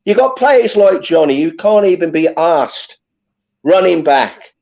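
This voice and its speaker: A man's voice: on the high side, animated, a little slow, creaky, darkish tone. A man on a fan phone-in show, speaking emphatically and leaning on fillers like "you know, look". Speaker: fan panelist. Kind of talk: heated phone-in debate. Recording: muffled lo-fi line.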